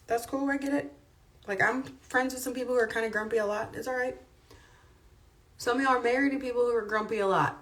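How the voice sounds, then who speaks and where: A woman's voice: fairly high pitch, a bit bright. A woman in her thirties, chatting candidly and rambling on a livestream to her viewers. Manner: rambling, candid, uses y'all and ain't. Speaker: livestream host. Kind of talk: casual livestream chat.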